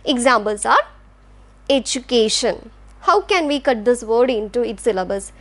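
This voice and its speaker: High-voiced woman teaching English. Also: lively intonation, moderate pace, fairly bright tone. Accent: Indian English. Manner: patient, demonstrates words syllable by syllable. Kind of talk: classroom lecture.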